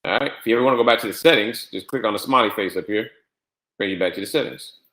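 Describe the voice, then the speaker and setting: A man giving a step-by-step screen-share tutorial on trading software, repeating instructions and spelling out letters. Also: fairly low pitch, fast. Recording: echoey room.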